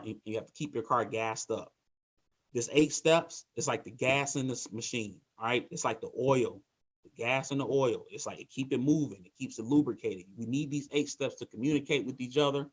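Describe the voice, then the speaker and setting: Male team leader, motivational training talk, energetic, repetitive coaching delivery. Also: a little high. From Michigan, USA.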